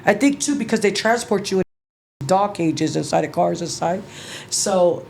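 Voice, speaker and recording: A middle-aged woman with a fairly low voice, telling her own story as an interview guest. She talks in a halting, emotional way, restarting sentences and swearing casually. Faint noise sits under her voice. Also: gravelly, darkish tone. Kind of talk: personal storytelling.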